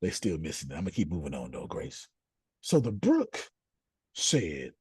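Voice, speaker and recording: A man teaching in a preaching style, animated, repeating phrases and calling listeners by name. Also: low voice, normal speed, husky, no room sound. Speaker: host and teacher.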